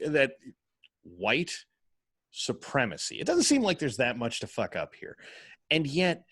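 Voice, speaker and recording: A man hosting a casual podcast chat, sarcastic and quick to laugh. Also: a little high, fairly bright tone, dry recording.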